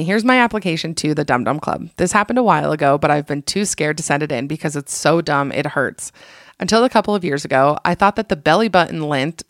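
A woman hosting a podcast, chatting casually and reading listener stories aloud with animated laughter. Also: on the low side, no echo, studio quality. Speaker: podcast host.

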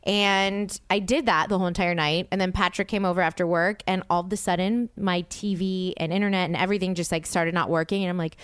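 A woman's voice: lowish voice, fairly even intonation, brisk, hardly any pauses, clear, resonant tone, no room sound. A young adult woman hosting a podcast, telling a story in casual chat, acting out quotes and swearing freely. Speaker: podcast host.

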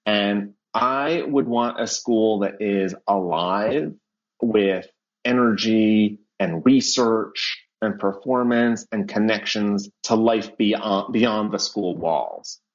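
A man who is a guest educator in an interview, speaking thoughtfully and laughing easily. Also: fairly low pitch. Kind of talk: casual interview chat. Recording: lo-fi dull sound.

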